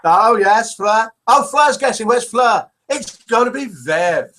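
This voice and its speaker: A man's voice: extremely high pitch, animated, measured pace, sharp tone, slight background noise, poor audio. A man from England with a Midlands accent hosting a live call-in show, chatting and reading out listeners' messages. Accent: English Midlands. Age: older. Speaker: host.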